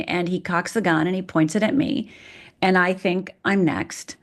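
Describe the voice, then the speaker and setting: A woman's voice: fairly low pitch, moderate pace. A middle-aged woman from Upper Michigan, a podcast guest, telling her personal story frankly and vividly. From Upper Michigan, USA. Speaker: guest, fear expert.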